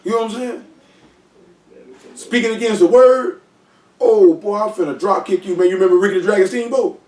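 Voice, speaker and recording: Slangy animated man teaching scripture. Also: sits high, a little fast. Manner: slangy, animated, joking asides. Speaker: teacher leading a Bible study. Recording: echoey room, distant mic.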